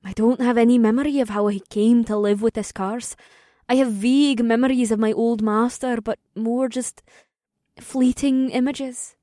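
A woman voicing a soft-spoken, devoted young woman in an audiobook story, murmuring her lines. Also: a little high, fairly even intonation, moderate pace, no room sound, studio quality, close to an everyday voice. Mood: wistful. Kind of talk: audiobook dialogue.

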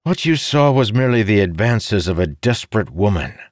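A man voicing a young male conjurer in an audiobook, defensive and earnest, a little above his own deep voice. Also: very animated, moderate pace, no echo, studio quality. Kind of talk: audiobook character voice.

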